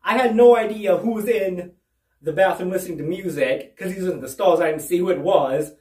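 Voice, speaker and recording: A man's voice: high voice, brisk, darkish tone, recorded from a distance. A man doing stand-up storytelling from home, rambling with restarts and "right?" asides. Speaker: stand-up comedian. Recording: roomy, away from the mic.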